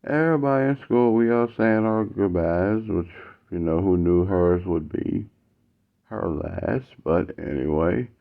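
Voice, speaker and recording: A man casually telling a personal story in animated, slangy speech, acting out the dialogue. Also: low voice, measured pace, vocal fry. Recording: tinny phone-like audio.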